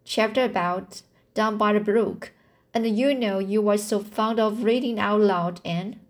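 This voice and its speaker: A woman's voice: mid-range voice, a little slow, lightly acted. A woman reading aloud the lines of a young girl pleading with her best friend, stumbling and restarting often.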